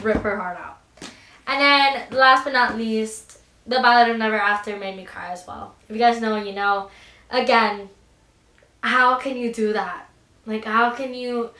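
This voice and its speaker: A woman chatting casually in a book vlog, gushing and animated, with many fillers and restarts. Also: on the high side, roomy sound, distant mic. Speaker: book vlogger.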